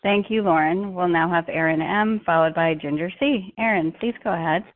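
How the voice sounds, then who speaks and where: A woman chairs an online meeting, calling on each speaker in a brisk, procedural way. Her voice sits a little low. The audio is thin and phone-like. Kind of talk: brief meeting facilitation. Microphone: video call. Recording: tinny phone-like call audio.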